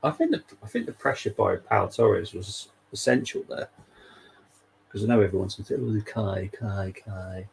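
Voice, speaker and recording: A man's voice: fairly low pitch, lively intonation, normal speed, creaky, a little hiss or hum, rough recording. A man hosting a live football watchalong, chatting casually and wryly and laughing often. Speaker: fan channel host.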